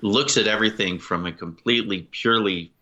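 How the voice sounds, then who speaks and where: A man's voice: on the low side, fairly quick, pushed and bright, highs cut off. A man co-hosting a podcast in casual chat, joking and riffing with frequent laughs. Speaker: podcast co-host.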